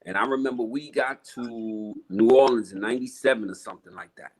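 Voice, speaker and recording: A man's voice: mid-range voice, a little fast, darkish tone, a little hiss or hum, rough recording. A middle-aged man, a rapper guest telling stories in a casual interview, emphatic and profane with street slang.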